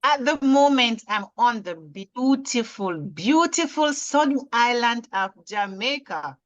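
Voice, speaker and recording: High-voiced cheerful woman on a muffled call. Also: lively intonation, a little slow. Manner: cheerful, joking. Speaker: webinar contributor. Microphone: video call. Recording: dull lo-fi call audio.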